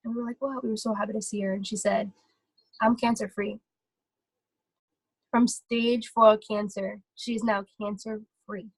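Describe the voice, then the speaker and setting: A young woman talking casually and excitedly on a motivational vlog, full of fillers. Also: mid-range voice, a little slow, long pauses, husky, no echo, rough recording. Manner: chatty, filler-heavy, excitable. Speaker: vlogger.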